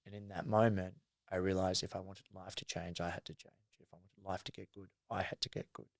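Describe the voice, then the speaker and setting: Man, low voice, flat delivery, earnest, swears, dry close mic. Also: a little fast, no room sound. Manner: earnest, swears freely, many fillers. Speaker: guest, mindset coach. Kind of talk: candid storytelling interview.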